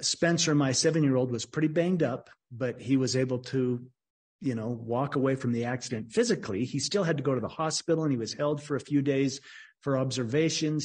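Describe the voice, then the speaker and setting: Earnest man telling a halting story. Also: medium pitch, a little mellow, breathy edge. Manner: earnest, halting, with frequent restarts. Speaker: speaker. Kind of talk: personal storytelling talk.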